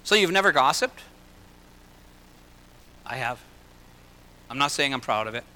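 A man preaching a sermon in an earnest way, slowing and lifting his voice for emphasis and dropping into personal asides. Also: mid-range voice, expressive, pushed and bright. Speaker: pastor. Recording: long hall reverb.

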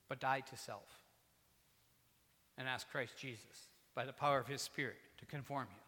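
A man preaching a sermon in a church, earnest and swinging between fervent emphasis and quiet, low passages. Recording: echoey hall.

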